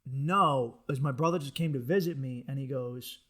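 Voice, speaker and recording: A man's voice: mid-range voice, quick pace, hardly any pauses, a bit bright. A man hosting a comedy podcast, rambling through a crude, profane monologue. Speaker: podcast host.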